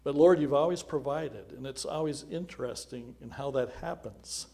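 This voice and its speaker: Casting note: male pastor, mid-pitched, earnest and prayerful, talking plainly to a congregation. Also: moderate pace, gravelly. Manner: earnest, prayerful, varying loudness. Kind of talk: spoken prayer in a church service.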